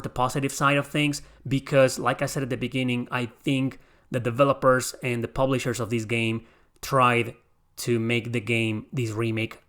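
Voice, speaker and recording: A man's voice: medium pitch, a bit bright. A young man hosting a podcast, talking casually and rambling through his opinions on a game remake, often correcting himself mid-sentence. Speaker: podcast host. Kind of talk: casual game review talk.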